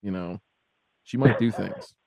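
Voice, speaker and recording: A man hosting a talk show, chatting loudly and teasing his guest with laughs, on a close studio mic. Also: on the low side, measured pace, gravelly, a crowd in the background. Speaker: host. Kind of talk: casual chat.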